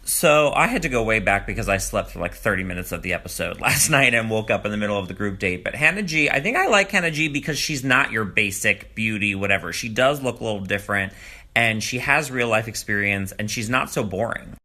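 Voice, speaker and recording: Bright, chatty man recapping a reality show. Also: brisk. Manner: animated, gossipy, swings into high mocking quotes. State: groggy morning voice. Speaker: recap vlogger. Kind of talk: casual commentary.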